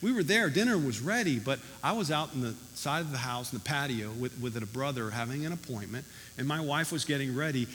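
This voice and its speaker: A man's voice: mid-range voice, a little fast, few pauses, fairly bright tone, slight background noise. Emphatic preaching man in a reverberant hall. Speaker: pastor. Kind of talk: sermon. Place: church hall.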